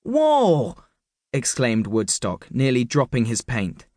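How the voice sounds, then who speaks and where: Male storyteller, fairly high and very lively, unhurried, dry close studio sound. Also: no echo. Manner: animated storytelling, playful emphasis. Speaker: audiobook narrator. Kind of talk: scripted narration of a children's book. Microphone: close studio mic.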